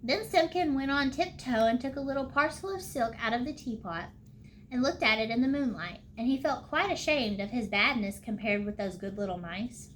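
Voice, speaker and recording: A woman reads a storybook aloud for a library storytime. Her voice sits a little high and the pace is unhurried, with small slips and the odd throat-clearing. A faint hiss runs underneath. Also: animated, fairly bright tone.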